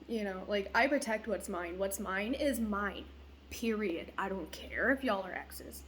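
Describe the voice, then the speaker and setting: A woman's voice: medium pitch, a little slow, fairly bright tone, slight background noise. A young woman venting bluntly in a casual vlog, swearing freely as she rants. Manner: blunt, profane, ranting. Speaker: vlogger.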